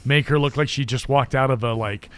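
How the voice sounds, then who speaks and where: A man's voice: medium pitch, fairly bright tone, clean tone, no echo. A man co-hosting a podcast, casually recapping a film's scenes and quoting lines in little acted bits. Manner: recaps scenes, acting out lines in quick quotes. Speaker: podcast co-host. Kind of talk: casual movie discussion. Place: podcast studio.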